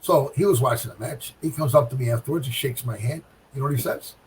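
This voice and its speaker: A middle-aged man telling a bowling story in casual chat, animated, with sound effects and repeated phrases. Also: medium pitch, fast talker, recorded from a distance, a little hiss or hum, rough recording. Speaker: guest pro bowler.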